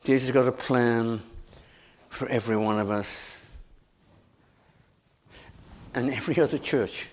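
A man's voice: mid-range voice, steady tone, unhurried, pauses often. A middle-aged man preaching a sermon as pastor, earnest, repeating his phrases and stumbling over restarts.

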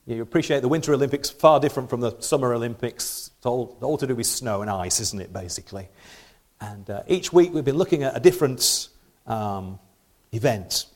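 A man's voice: medium pitch, animated, fairly quick, darkish tone. A middle-aged man giving a sermon in a conversational way, with rhetorical questions and frequent restarts. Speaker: preacher.

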